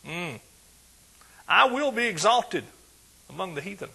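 A man preaching a sermon, folksy and animated, dropping soft and then rising loud. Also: high voice, measured pace, vocal fry, slightly rough.

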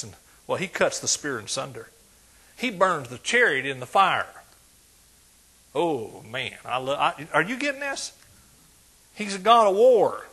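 A man preaching a sermon, folksy and animated, dropping soft and then rising loud. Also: a little high, a little slow, pauses often, breathy edge.

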